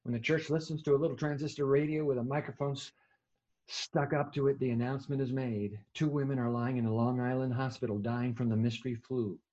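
Brief: male preacher, dark husky voice, dramatic storytelling sermon, dull lo-fi recording. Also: medium pitch, fairly even intonation, fairly quick. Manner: vivid storytelling with sudden hushed drops.

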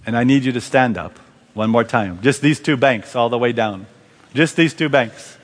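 A man's voice: mid-range voice, moderate pace. A man preaching a revival sermon in a large church, fervently calling out to and directing the congregation. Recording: long reverb of a large church.

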